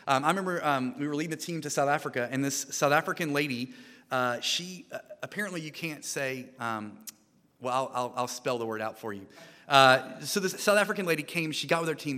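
An American man preaching a sermon into a microphone, in a conversational, animated way with frequent restarts and repeated words. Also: fairly high pitch, fairly quick. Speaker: guest preacher. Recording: long hall reverb.

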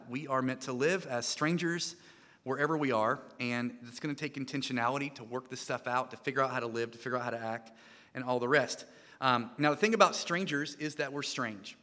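Brief: American man, guest preacher, bright forceful tone, chatty sermon full of restarts, long hall reverb. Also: medium pitch. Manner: conversational, animated, frequent restarts and repeated words. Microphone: microphone.

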